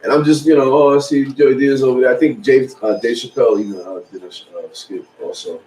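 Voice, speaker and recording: A man's voice: medium pitch, steady tone, fairly quick, darkish tone. A man on a podcast in casual chat, telling a laid-back, profane anecdote. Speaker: podcast co-host. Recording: echoey room, faint noise.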